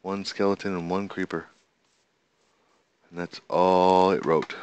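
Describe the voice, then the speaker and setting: A man casually commenting on his own gameplay, excitable and talking to the animals and monsters he meets. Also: low voice, unhurried, clean tone. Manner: excitable, talks to the animals and mobs in the game. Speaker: gamer. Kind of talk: casual let's-play commentary. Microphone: desk microphone.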